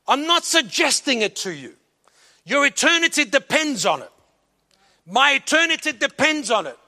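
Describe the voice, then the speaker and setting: High, gravelly-voiced preacher in a reverberant hall. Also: male voice, big pitch swings. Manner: emphatic, drawn-out preaching with shouted climaxes. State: slight cough. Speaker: pastor. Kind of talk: sermon. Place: church hall.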